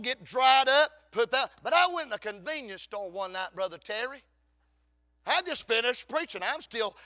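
A man, preaching a fervent Baptist sermon with shouted lines and frequent calls of amen. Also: extremely high pitch. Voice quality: gravelly.

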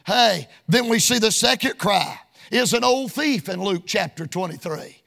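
A male preacher delivering a sermon in a sing-song cadence, often shouting, with folksy colloquial phrasing. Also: high voice, expressive, a little slow, vocal fry.

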